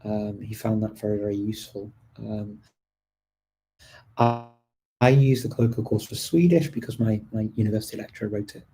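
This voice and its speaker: A man's voice: fairly low pitch, fairly even intonation, moderate pace, dark tone, breathy edge, low-quality recording. A man hosting a live stream, answering viewer questions in a casual, chatty way with frequent ums and restarts. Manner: chatty, many ums and restarts, light laughs.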